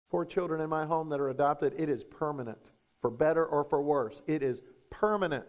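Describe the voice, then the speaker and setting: Guy preaching, kinda high voice, punchy, asks the crowd questions, muffled lo-fi recording. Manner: emphatic preaching with rhetorical questions. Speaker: pastor. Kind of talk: sermon.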